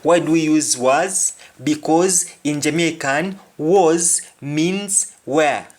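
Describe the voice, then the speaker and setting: A man giving an explanatory language lesson as a teacher, deliberate and repeating each example phrase twice. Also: on the high side, darkish tone.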